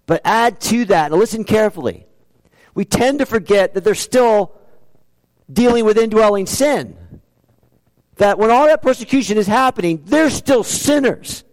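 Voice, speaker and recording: A man's voice: high-pitched, animated, moderate pace, a little mellow. Earnest male preacher in a reverberant hall. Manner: earnest preaching with rhetorical questions and repetition. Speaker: pastor. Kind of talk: sermon.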